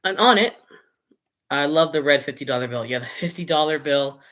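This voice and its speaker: A man's voice: a little high, lively intonation, fairly quick, bright, forceful tone, a little hiss or hum. A man giving his views in a casual vlog to camera. He rambles, argues with imagined viewers and changes his mind as he goes. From Canada. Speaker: vlogger. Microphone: camera mic, showing items on camera.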